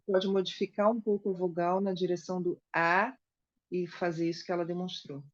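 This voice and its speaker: A woman's voice: lowish voice, little pitch movement, fast talker, lo-fi sound. A woman interpreting a singing class into Portuguese and adding her own comments. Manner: paraphrases into Portuguese.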